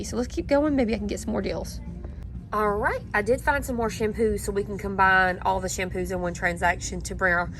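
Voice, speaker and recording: Woman with a gravelly edge over loud music. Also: medium pitch. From South Carolina. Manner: chatty, talks through the coupon math step by step. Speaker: couponing vlogger. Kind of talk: in-store shopping walkthrough. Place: inside a drugstore. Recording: music playing loudly behind.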